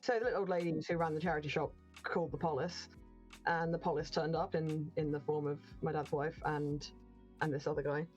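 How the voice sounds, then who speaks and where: A woman co-hosts a home game stream, spinning anecdotes with lots of ums and bursts of laughter. Her voice sits low for a woman. Faint game music hums in the background. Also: fairly even intonation, fairly quick, a little mellow. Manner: chatty, laughs through her stories, many ums. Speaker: stream co-host. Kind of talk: casual storytelling chat.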